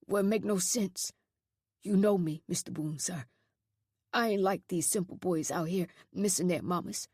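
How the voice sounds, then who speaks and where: A woman voicing a teenage boy in a reformatory, a smooth talker who pleads in a low, quiet voice. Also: dry recording, clean studio sound. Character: persuasive teenage boy inmate, quick and pleading.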